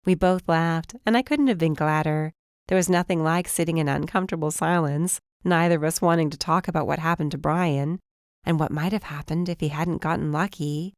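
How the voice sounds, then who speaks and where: A woman reading a first-person mystery audiobook in a measured, even storytelling manner. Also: sits low, dry recording, studio quality. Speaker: audiobook narrator.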